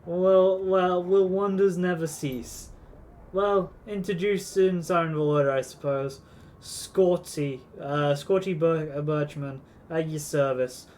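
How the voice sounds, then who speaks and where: Gruff, kindly old junk dealer read by a man, slow and halting, voice sitting a bit high. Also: steady tone, darkish tone, a little hiss or hum. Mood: folksy. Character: gruff but well-meaning old male junk trader.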